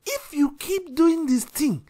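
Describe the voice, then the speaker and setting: A man putting on the voice of a stern mother who scolds and threatens her child, with a shrill, high voice. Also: expressive, slow pace, mellow. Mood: scolding.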